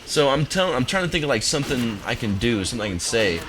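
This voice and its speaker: A young man commentating his gameplay from a home office, telling a story in a relaxed, rambling, amused way. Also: mid-range voice, fast, crowd noise, rough recording. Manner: laid-back, rambling, amused. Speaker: gaming commentator. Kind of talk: casual storytelling over gameplay.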